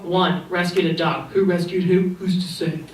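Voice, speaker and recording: A young woman doing a stand-up set in a comedy club, telling her stories in a wry, deadpan way. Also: lowish voice, moderate pace. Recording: echoey club sound from far off, noisy.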